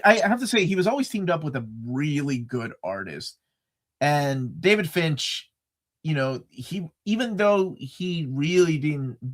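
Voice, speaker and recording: A middle-aged man co-hosting a casual live chat, animated and joking, often restarting his sentences. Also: medium pitch. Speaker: co-host.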